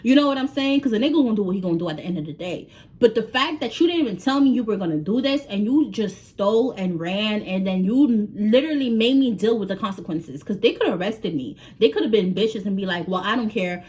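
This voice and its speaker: A woman's voice: mid-range voice, quick pace. A young woman telling a story on a casual vlog, swearing freely and acting out the dialogue. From New York. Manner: animated, swears freely, acts out quoted dialogue. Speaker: vlogger.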